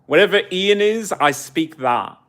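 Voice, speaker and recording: A man's voice: high-pitched, lively intonation, unhurried, fairly bright tone. A man in his forties with an English accent, talking on a live stream and answering chat comments in a snarky, haughty way. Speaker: livestreamer.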